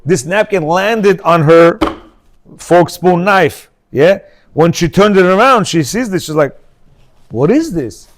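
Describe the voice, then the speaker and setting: A man giving a lively class, telling stories and checking in with his listeners, now and then bursting into loud emphatic outcries. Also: high-pitched, measured pace. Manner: lively, asks the room "yeah?" and "you know?". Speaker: teacher giving a class on marriage. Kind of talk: animated storytelling class talk.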